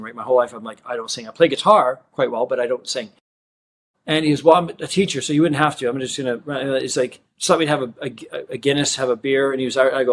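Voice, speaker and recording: A man's voice: medium pitch, fast. A man, a magician, telling a long personal story in a casual interview and acting out the people he quotes. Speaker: magician and guest.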